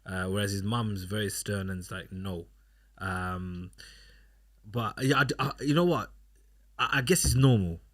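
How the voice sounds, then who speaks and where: A man's voice: fairly low pitch, moderate pace, a bit bright. A young man co-hosting a casual podcast chat, rambling through anecdotes and acting out what others said. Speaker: podcast co-host.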